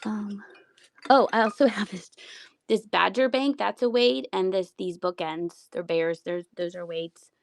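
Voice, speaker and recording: Rambly woman selling knickknacks on a stream at home, bit of vocal fry, reads the chat out loud. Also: medium pitch, measured pace, no room sound. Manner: rambling, reads out viewer comments. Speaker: livestream seller. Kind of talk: casual live-selling chat. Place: home room with shelves.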